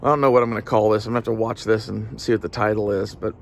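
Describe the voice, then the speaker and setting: A man vlogging in a casual, rambling way, swearing freely and filling pauses with "uh" and "you know". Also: fairly low pitch, steady tone, vocal fry, slight background noise. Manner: casual, profane, rambling with fillers. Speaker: gun channel vlogger. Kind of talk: casual rambling gear talk.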